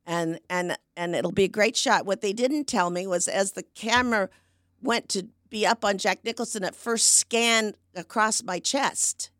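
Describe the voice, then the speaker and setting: Here the podcast guest, an actress in her seventies, recounts stories with lively energy in conversation, impersonating the people she mentions. Her medium-pitched voice has a fairly bright tone, recorded dry at studio quality.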